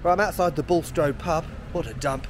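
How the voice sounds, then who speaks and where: A man's voice: a little high, brisk, background noise. A man with a West London accent walking and talking to camera in a travel vlog, full of dry sarcastic humor. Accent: West London (Hounslow). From Hounslow, London. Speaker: travel vlogger. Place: outdoors on windy town streets.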